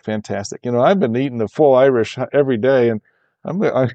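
Gravelly-voiced man telling a rambling story. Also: medium pitch, fast talker, no echo. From Michigan, USA. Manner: rambling, animated when quoting others. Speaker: golf course architect guest. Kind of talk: casual storytelling interview.

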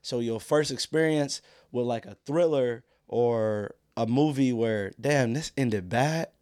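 A man's voice: mid-range voice, slow pace, a little mellow, dry recording, studio quality. A young man in casual podcast chat, laughing a lot, talking in crude slang and acting out quoted voices.

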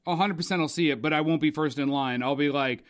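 A man's voice: fairly high pitch, fast. A man from Canada co-hosting a casual movie podcast, rambling and joking with frequent swearing. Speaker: podcast co-host. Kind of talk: casual movie-review chat.

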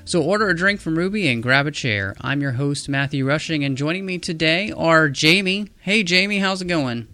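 A man's voice: fairly high pitch, expressive, moderate pace, few pauses, bright, forceful tone, dry recording, faint music behind. A man hosting a casual podcast, welcoming guests, with frequent fillers and restarts. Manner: friendly, hesitant with restarts and fillers. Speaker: podcast host.

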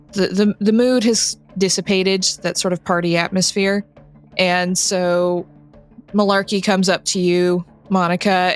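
A woman narrating a tabletop role-playing game as game master, relaxed and conversational, laughing easily. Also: lowish voice.

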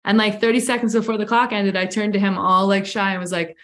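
A woman's voice: mid-range voice, steady tone, fast talker, a bit bright. A woman guest on a talk show, telling a personal story in a reflective, candid way, often saying "like" and "right?". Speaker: podcast guest. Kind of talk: conversational storytelling.

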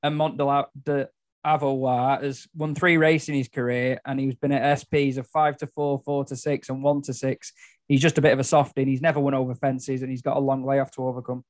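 A man's voice: mid-range voice, little pitch movement, brisk. A man tipping racehorses in a casual panel chat, with detailed form talk and wry humour. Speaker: racing tipster pundit.

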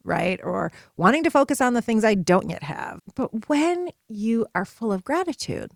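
A woman's voice: a little high, sing-song, normal speed, creaky, dry recording, clean studio sound. A woman in her thirties hosting a podcast, talking in an enthusiastic, chatty motivational way with many asides. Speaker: podcast host. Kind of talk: casual motivational monologue.

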